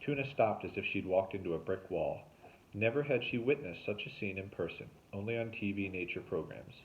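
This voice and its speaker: Low-voiced man reading a novel aloud. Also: fairly quick, a little hiss or hum. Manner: expressive storytelling with lively pitch. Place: home, remote recording. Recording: tinny phone-like sound.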